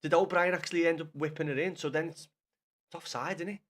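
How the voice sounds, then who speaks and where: Young Scouse streamer, loose rambling match chat to viewers, pitch a touch high. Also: male voice, fairly even intonation, fast. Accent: Liverpool Scouse. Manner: rambling, swears often, talks to chat viewers by name. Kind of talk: casual live-stream football chat.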